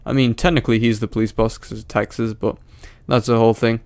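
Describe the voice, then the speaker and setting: A man delivers swearing, mocking commentary on a viral clip in a flat, monotone voice. His voice is smooth and clear. It is recorded close to the mic in a dry room. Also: medium pitch, fast talker, dry recording. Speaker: reaction video commentator. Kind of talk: sarcastic reaction commentary.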